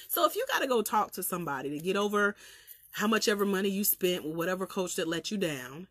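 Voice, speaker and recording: Bright, chatty Southern woman livestreaming. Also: medium pitch, fast, no echo, clean studio sound. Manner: lively, chatty, preacherly; laughs often, colloquial. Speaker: life coach trainer. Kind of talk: livestream talk to viewers.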